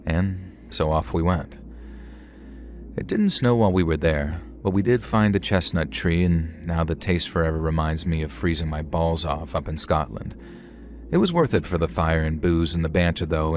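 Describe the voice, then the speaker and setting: A young man narrating a first-person horror story in a measured, conversational way with casual slang. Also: sits low. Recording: faint music underneath.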